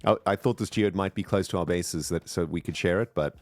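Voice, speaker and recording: A man streaming a video game live, chatting casually and greeting viewers with bursts of excitement. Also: lowish voice, normal speed, hardly any pauses, dry recording, faint music behind. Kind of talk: casual live gameplay chat.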